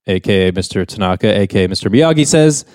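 A man co-hosting a podcast, casually recapping a sitcom episode and acting out the characters' lines in higher voices, with frequent chuckles. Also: animated, quick pace, darkish tone, no echo, clean studio sound. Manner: laid-back storytelling, acts out quotes in higher voices, chuckles often. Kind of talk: casual chat.

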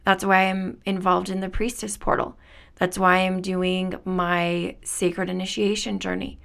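Spiritual podcast lady, super creaky voice, earnest and excited, laughs a lot. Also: on the low side, a little slow. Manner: earnest, enthusiastic, laughs often. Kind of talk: reflective spiritual monologue.

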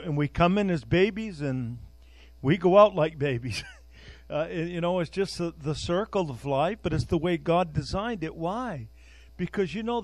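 A man's voice: fairly high pitch, darkish tone, no room sound. An older man preaching an informal sermon, speaking conversationally and repeating words while searching for them, with a prayer woven in.

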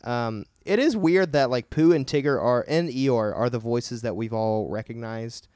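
A man co-hosting a podcast in casual chat, playful and quick to laugh. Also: mid-range voice, a little mellow, smooth, no echo, clean studio sound. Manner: playful, joking, frequent laughs. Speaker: podcast co-host.

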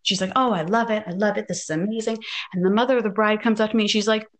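A woman's voice: mid-range voice, rapid-fire. A woman in her thirties hosting a podcast, casually telling a story and acting out the quoted dialogue. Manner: animated, acts out quoted dialogue. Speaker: podcast host.

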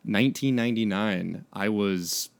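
A man's voice: lowish voice, a little slow, vocal fry, clear, resonant tone. A man in his late twenties co-hosting a comedy podcast, reading fan fiction aloud and joking with laughter. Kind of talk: comic reading and banter.

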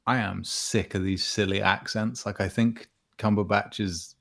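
A man's voice: on the low side, steady tone, measured pace, vocal fry, fairly bright tone. A man on a casual podcast, giving blunt, opinionated takes and swearing freely. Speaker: podcast co-host. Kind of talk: casual chat.

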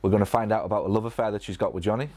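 A man from England with a Northern English accent, coaching physio business owners in a live Q&A, energetic, with many restarts and acted-out patient lines. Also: lowish voice, very fast. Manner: energetic, repetitive restarts, acts out patient dialogue. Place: event room.

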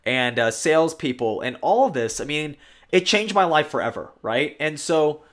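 Rambling, opinionated man with a higher voice. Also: lively intonation, moderate pace, fairly bright tone. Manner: rambling, emphatic, tag questions like "right?". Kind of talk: opinionated commentary monologue.

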